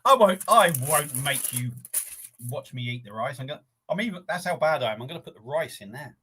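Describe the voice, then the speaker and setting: A man's voice: a little high, expressive, fairly quick, pushed and bright, slightly rough. An older man, chatting casually on a live eating stream, breathless and rambling with his mouth burning from chilli, sweating and sniffling. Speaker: livestream host.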